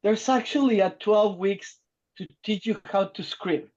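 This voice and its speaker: A woman's voice: medium pitch, a little slow, darkish tone, muffled recording. A woman co-hosting a podcast in casual chat, cutting in with questions and urging the speaker to keep going. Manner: interjects, prompts the guest to keep going. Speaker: podcast co-host.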